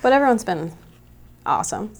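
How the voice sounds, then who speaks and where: A woman's voice: mid-range voice, sing-song, brisk, a little hiss or hum. A young woman guesting on a podcast, chatting casually with lots of filler words and light laughter. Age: young adult. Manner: laid-back, lots of likes and giggles. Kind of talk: casual interview chat.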